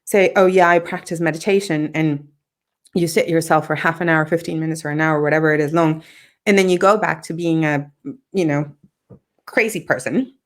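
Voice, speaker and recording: Lower-voiced woman telling her story. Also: brisk. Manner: animated, acts out quoted dialogue, laughs often. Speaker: podcast guest. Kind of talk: conversational storytelling.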